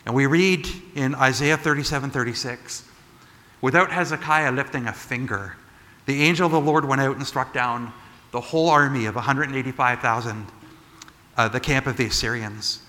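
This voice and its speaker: A man preaching a sermon in a relaxed, conversational way, asking the room questions and retelling a story with energy. His voice is bright and clear, and it carries with a long reverb, as if from a big hall. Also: mid-range voice. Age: adult. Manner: conversational, animated retelling with frequent "like" and "right?". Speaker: pastor.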